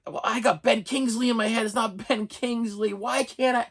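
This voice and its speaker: A man hosting a review channel in a casual, chatty vlog, talking in animated, rambling asides with frequent restarts. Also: very high voice, moderate pace, few pauses, slightly rough.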